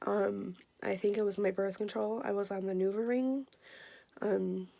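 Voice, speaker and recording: A woman in her twenties giving an earnest, emotional personal health update, halting with many fillers. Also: mid-range voice, steady tone, creaky, mellow. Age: 20s. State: emotional, near tears. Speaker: vlogger.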